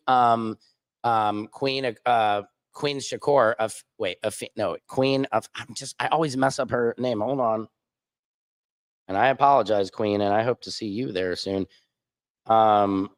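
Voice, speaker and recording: A man's voice: medium pitch, fairly bright tone, dry recording. A man hosting a casual show who rambles through stories with fillers and side remarks. His voice sits mid-range. The recording is dry, with no room sound. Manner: rambling anecdotes full of fillers and asides. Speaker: host. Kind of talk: casual livestream chat and storytelling.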